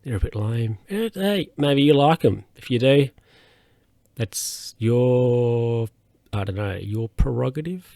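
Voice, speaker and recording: A man's voice: mid-range voice, expressive, slow, gravelly, warm tone, dry recording, clean studio sound. A man hosting a solo podcast, telling stories in a rambling, hesitant way with lots of fillers and restarts. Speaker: podcast host.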